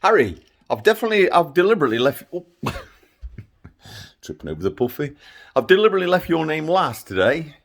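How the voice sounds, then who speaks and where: A man's voice: fairly low pitch, slightly rough. A middle-aged man recording a rambling video update for his sons, ranting in a chatty way and breaking off into asides. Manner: ranting, chatty, self-interrupting with laughs and asides. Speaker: father vlogging to his sons.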